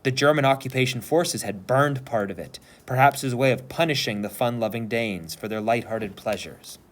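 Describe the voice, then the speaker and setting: A man, a teacher, reading a novel aloud with expressive storytelling. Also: medium pitch, moderate pace.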